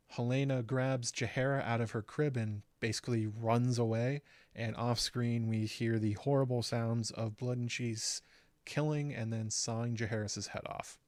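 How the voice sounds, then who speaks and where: A man's voice: medium pitch, darkish tone, dry recording. A man hosting his own channel, casually breaking down an episode with frequent "um" fillers. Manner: conversational, frequent "um" fillers, recapping plot step by step. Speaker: YouTube show host.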